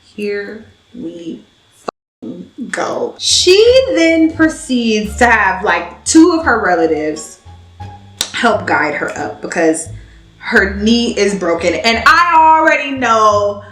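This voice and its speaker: A young woman tells a dramatic storytime in casual slang, with a bright voice that keeps climbing as the story builds. The room around her has a noticeable echo. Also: mid-range voice, big pitch swings, slow pace, faint music behind. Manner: dramatic, slangy, laughs while telling. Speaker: vlogger telling a story. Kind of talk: animated storytime.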